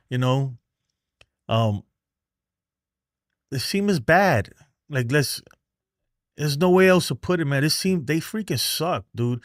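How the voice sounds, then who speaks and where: A man's voice: a little high, no echo, clean studio sound. A man hosting a baseball fan show, ranting heatedly on a livestream and reading chat messages, exasperated, profane, and often repeating himself.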